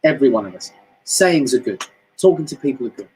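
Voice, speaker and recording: A man with a British accent giving a chatty, animated motivational talk on a home live stream, often jumping up high in pitch. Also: fast, breathy edge, poor audio. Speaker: motivational speaker. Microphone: home live stream mic.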